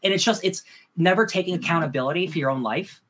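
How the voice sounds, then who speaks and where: Husky dude talking super fast, gushing and cussing on a podcast. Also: male voice, a little high. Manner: excited, gushing, swears freely. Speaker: podcast co-host. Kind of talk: casual chat.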